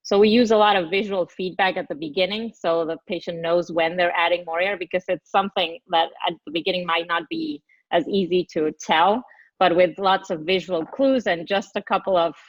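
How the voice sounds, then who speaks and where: Woman from argentina, speech therapist, lowish voice, explains patiently, dull dry call audio. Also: fairly even intonation, a little fast, no room sound. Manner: explanatory, demonstrates voice sounds. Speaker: speech-language pathologist. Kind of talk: panel answer. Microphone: video call.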